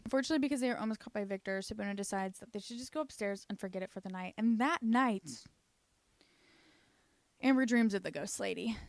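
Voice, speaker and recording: A woman's voice: mid-range voice, dry recording. Chatty woman recapping a show, dry sound. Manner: chatty, swears freely, lots of "like" fillers. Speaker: YouTube recap host. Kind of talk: casual comedic show recap.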